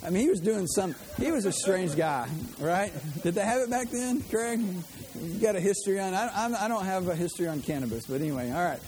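A man's voice: high-pitched, animated, fairly quick, darkish tone, slight background noise. A man preaching a sermon as pastor, chatty and conversational, with joking asides to the congregation.

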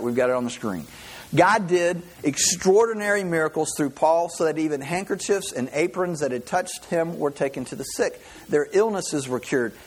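A male pastor preaching a sermon, telling Bible stories in an animated way and often stringing thoughts together with "and". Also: medium pitch, slightly rough. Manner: animated, storytelling, with many repeated "and"s.

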